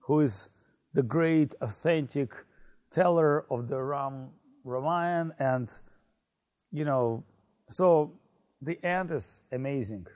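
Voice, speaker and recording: A man telling a story in a casual conversation, animated and full of fillers. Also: mid-range voice, slow. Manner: animated, many fillers and restarts, laughs. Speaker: spiritual speaker.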